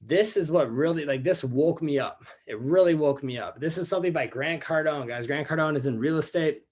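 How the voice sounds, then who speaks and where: A young man leading a motivational training call for his network marketing team, energetic and repetitive, often calling his listeners "guys". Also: a little high, brisk.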